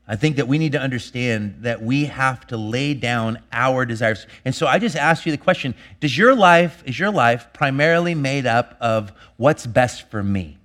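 A man preaching a sermon as a pastor, earnest, swinging between emphatic bursts and hushed lines. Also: medium pitch.

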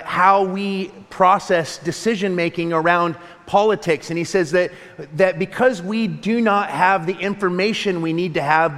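A man preaching a sermon as a pastor, animated and conversational, with laughing asides. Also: high-pitched, in a large hall.

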